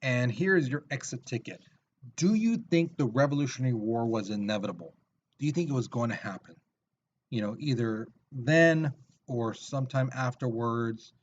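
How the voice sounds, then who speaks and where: A man's voice: medium pitch, animated, normal speed, slight background noise. Casual male teacher, dull recording. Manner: casual, chatty, with many fillers. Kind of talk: recorded video lesson.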